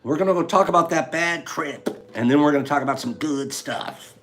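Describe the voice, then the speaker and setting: A man's voice: fairly high pitch, fairly quick, fairly bright tone, faint music behind. A man hosting a casual livestream, chatting playfully and teasing his viewers. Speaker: livestream host.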